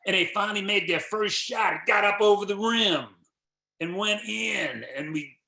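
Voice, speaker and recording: Man, middle-aged, folksy motivational talk, animated, slightly high voice. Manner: folksy, animated storytelling with acted quotes. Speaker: guest speaker. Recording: echoey hall.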